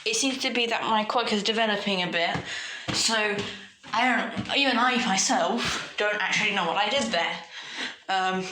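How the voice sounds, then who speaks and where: A woman's voice: mid-range voice, normal speed, noisy background, lightly acted. A woman voicing an earnest teenage boy hero student who rambles hesitantly, with plenty of fillers and restarts. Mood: unsure. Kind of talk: casual storytelling in character.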